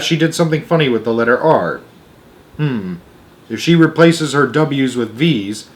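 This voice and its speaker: A young man reading a children's novel aloud, expressive, with small slips and restarts. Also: mid-range voice. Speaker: storyteller.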